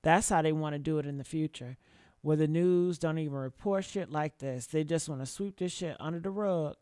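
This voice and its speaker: A woman's voice: deep voice, moderate pace, dark tone, no room sound, clean studio sound. A woman commentator giving a blunt, profane, preachy rant in a casual style. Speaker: online commentator.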